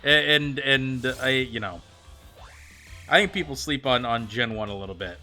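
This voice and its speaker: A man's voice: medium pitch, normal speed, bright, forceful tone, faint music behind. A man streaming and chatting casually with viewers, rambling with plenty of fillers and answering them by name. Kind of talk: casual livestream chat.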